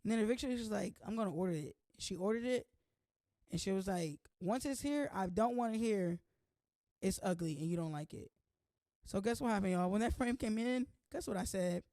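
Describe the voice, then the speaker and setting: Young woman vlog host: chatty, playful, a bit hoarse, with a creaky texture and a dry, close recording. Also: mid-range voice, brisk, warm tone, no echo. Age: young adult. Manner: chatty, playful, says "like" constantly. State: slightly hoarse from allergies. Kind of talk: casual vlog chat.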